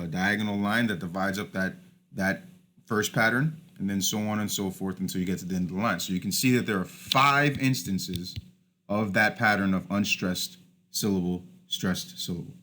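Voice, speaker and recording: A man's voice: on the low side, a bit bright. A man teaching a recorded lesson over slides, informal, often starting with "all right" and correcting himself.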